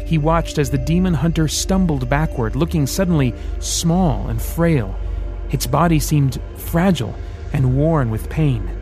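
Guy reading an action audiobook, steady dramatic narration, mid voice. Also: medium pitch. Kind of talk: scripted narration.

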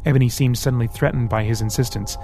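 A man reading an audiobook in steady, earnest scripted narration. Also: medium pitch, fast, over music.

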